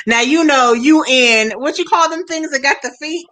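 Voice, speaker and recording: A woman's voice: high voice, measured pace, long pauses, fairly bright tone. A woman in her forties hosting a radio show, chatting casually, laughing often and talking straight to her listeners. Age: 40s. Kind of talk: casual chat.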